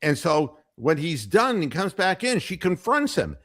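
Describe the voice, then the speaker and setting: A man hosting a casual postgame radio show, telling off-color jokes in a rambling, halting way full of fillers. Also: fairly high pitch, sing-song, a bit bright, no room sound, studio quality.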